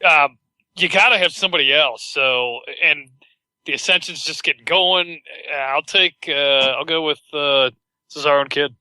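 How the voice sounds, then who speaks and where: A man in a casual podcast chat, rambling and halting with many fillers. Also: fairly high pitch, bright, forceful tone, clean tone, dry recording, low-quality recording. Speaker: podcast panelist.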